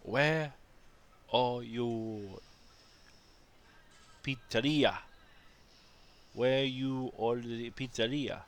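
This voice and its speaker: A man doing a loud, demanding tourist. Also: mid-range voice, fairly even intonation, drawn-out words, long pauses. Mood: patronizing. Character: pushy loud American male tourist.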